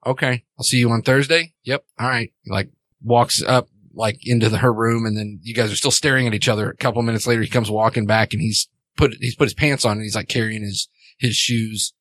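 Low voiced guy running a tabletop game, rambly, dry close sound. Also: steady tone, a bit bright, no room sound. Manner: loose, halting narration with fillers. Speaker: game master.

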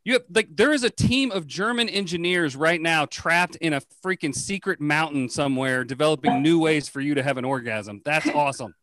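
A man's voice: fairly high pitch, fairly bright tone, no room sound. Profane stand-up comic man, dry sound. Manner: crude, profane, quick riffing. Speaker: stand-up comedian. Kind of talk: stand-up comedy set.

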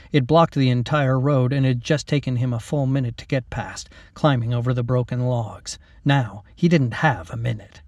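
Brief: male storybook narrator, medium pitch, steady dramatic read, dry room, slightly off mic. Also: dry recording, distant mic. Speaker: author and reader. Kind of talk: scripted narration.

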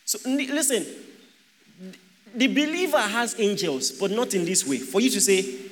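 A man delivers a sermon in a high, bright voice that rings out with force. He keeps pressing his listeners with rhetorical questions and teasing asides. His words echo through a large hall with a long reverb. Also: big pitch swings, normal speed, long pauses. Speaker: preacher.

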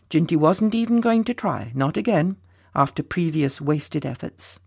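A narrator reading a children's storybook aloud in a gently expressive way. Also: mid-range voice, gravelly, husky, no echo, studio quality.

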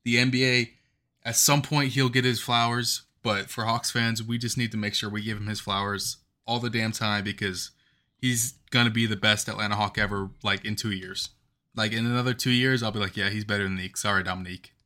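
A young man in his twenties rants in casual podcast chat. His voice is a little low yet bright and forceful. He rambles and hammers his points with emphasis. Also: flat delivery, moderate pace. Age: 20s. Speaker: podcast co-host.

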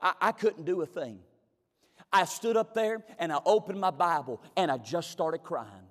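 Emphatic preacher, high voice. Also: male voice, lively intonation, moderate pace, in a large hall. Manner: emphatic, heartfelt storytelling. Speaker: pastor. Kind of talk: sermon.

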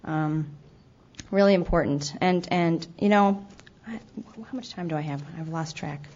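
A woman with a fairly low voice tells her recovery story at an unhurried pace over a noisy background. The dull, lo-fi event recording catches a candid, self-deprecating testimony where she occasionally trips over restarts and acts out her own past remarks.

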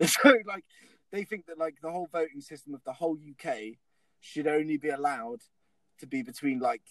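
A man's voice: a little high, moderate pace, fairly bright tone, dry recording, poor audio. A young man telling comic stories in casual chat, swearing often and laughing along. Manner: swears a lot, laughs mid-story.

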